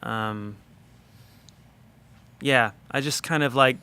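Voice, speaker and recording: A man in a studio conversation, a record producer telling an animated, chatty story with lots of fillers. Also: mid-range voice, slow, smooth.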